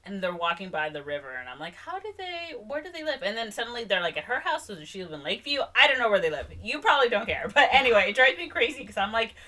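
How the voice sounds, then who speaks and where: Young woman chatting thru a movie plot, bright voice, jumps into the characters' lines. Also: mid-range voice. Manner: animated, acts out characters' lines in quick voices. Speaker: podcast co-host. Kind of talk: casual movie recap chat.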